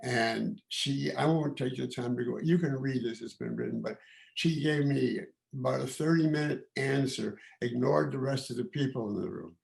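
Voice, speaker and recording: A man in his eighties, originally from Canada, giving informal remarks at a celebration in a halting, reflective way, with many pauses and restarts. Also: mid-range voice, creaky. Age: 80s. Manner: reflective and candid. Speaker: guest of honour giving remarks.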